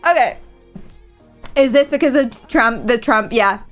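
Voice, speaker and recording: British woman streamer, higher voice, rambling giggly chat. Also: a little slow, fairly bright tone, faint music behind. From Britain. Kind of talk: casual live-stream chat.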